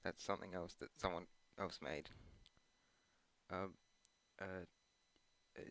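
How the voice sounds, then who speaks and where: A man's voice: low-pitched, steady tone, slow, fairly bright tone. A man rambling casually while playing a video game, meandering and hesitant with plenty of ums and uhs, and dropping self-deprecating asides. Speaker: gaming channel host.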